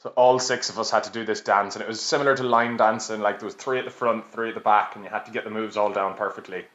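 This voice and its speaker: Talking fast in a lowish, steady, slightly bright voice, a podcast guest from Ireland in his late twenties spins casual stories. He pokes fun at himself, chats easily and laughs a lot; the recording is roomy and somewhat dull.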